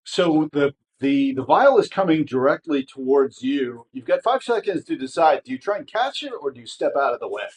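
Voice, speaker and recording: A man narrating as game master of a tabletop game, speaking hesitantly with many pauses and restarts. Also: on the high side, expressive, a little hiss or hum.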